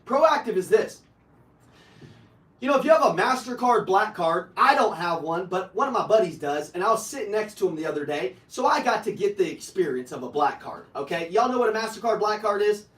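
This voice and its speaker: A man coaching salespeople live, with a high voice and a brash, profane delivery that climbs into shouting. He sounds set back from the microphone, and his voice rings in a reverberant room. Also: lively intonation, fairly quick, recorded from a distance. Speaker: sales trainer. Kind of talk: live motivational sales training. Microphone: online video call.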